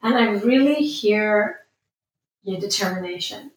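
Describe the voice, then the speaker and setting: A woman's voice: medium pitch, measured pace. A woman interviewer responding to her guest in an affirming, reflective way. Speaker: interviewer host. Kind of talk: conversational interview. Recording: very echoey room sound.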